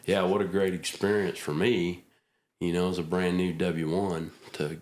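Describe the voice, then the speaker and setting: A man's voice: sits low, level tone, moderate pace, darkish tone. A middle-aged man, a retired army helicopter pilot, telling stories in a casual, folksy interview. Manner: folksy anecdotal storyteller, acts out quotes. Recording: roomy echo.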